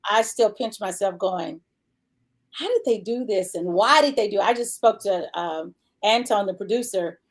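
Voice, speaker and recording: A woman hosts a relaxed music interview show. Her chat rambles and is full of fillers, delivered in a middling voice that is neither high nor low. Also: moderate pace. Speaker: show host.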